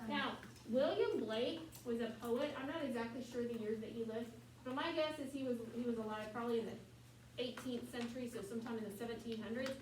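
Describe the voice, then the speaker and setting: A woman leads a choir class with a fairly high voice, walking students through their music and chanting lyrics slowly. She sounds far from the mic in an echoey classroom with steady background noise. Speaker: choir teacher.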